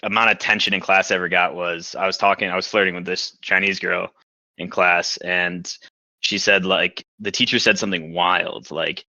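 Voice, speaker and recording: A man's voice: sits low, moderate pace, dry recording. A young man co-hosting a casual podcast, telling stories animatedly and acting out the other people in them. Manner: animated storyteller, acts out other voices. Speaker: podcast co-host. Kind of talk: casual chat, storytelling. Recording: dull lo-fi sound.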